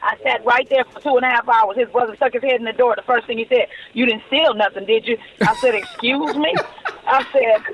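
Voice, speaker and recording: A woman's voice: on the high side, fast, few pauses. A woman in her forties, a podcast guest telling stories animatedly and acting out the dialogue. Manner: animated storyteller who acts out quoted dialogue. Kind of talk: storytelling in a podcast interview. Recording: dull lo-fi recording.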